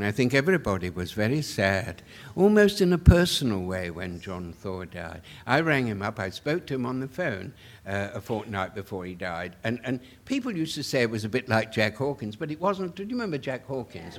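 Older man, stammering storyteller. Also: medium pitch. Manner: stammering repetitions, chuckling asides. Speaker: author guest at a public Q&A. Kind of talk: anecdotal storytelling.

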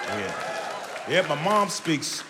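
Male stand-up comic, high voice, swooping delivery, hall reverb, crowd laughter. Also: takes it slowly, noisy background. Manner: animated, loud, playful crowd work. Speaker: stand-up comedian. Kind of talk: stand-up comedy routine. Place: live show venue with audience. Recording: live stage mic, hall echo, crowd laughter.

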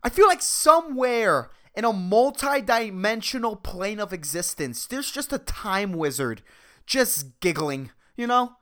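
A woman's voice: mid-range voice, big pitch swings, a little slow, a bit bright. A woman hosting her own podcast, ranting profanely and exasperatedly in a rambling, comedic solo monologue. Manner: rambling, with restarts and filler. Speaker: podcast host.

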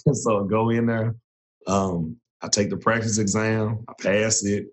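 A man in his thirties, a former Marine turned coach, telling his story in a relaxed, casual way with frequent laughs. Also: on the low side, a little slow. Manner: relaxed, laughs often, restarts sentences.

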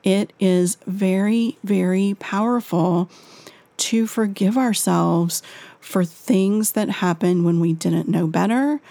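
A woman, a parenting author, giving gentle and reassuring advice to parents in a monologue. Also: mid-range voice, slow, no echo.

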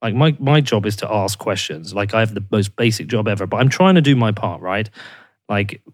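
A man's voice: lowish voice, animated, brisk, no echo. Podcast host, man, heated and profane, dry close recording. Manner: passionate ranting, heavy swearing. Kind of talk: casual conversational interview.

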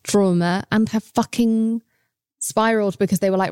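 A woman's voice: mid-range voice, fairly even intonation, moderate pace, a little mellow, clear, resonant tone. A woman hosting an interview podcast, frank and supportive, swearing casually as she talks. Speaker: podcast host.

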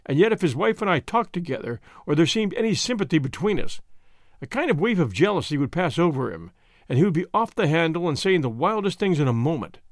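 A man's voice: on the high side, sing-song, quick pace, dry recording, studio quality. A man reading an audiobook, voicing a guarded man who answers questions plainly and defensively. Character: guarded, broad-shouldered male friend under questioning.

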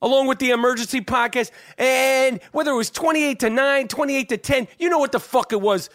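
A man hosting a podcast, talking sports in a profane, rambling, excitable way. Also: very high voice, fairly quick, no room sound, studio quality. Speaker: podcast host. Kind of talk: casual sports chat.

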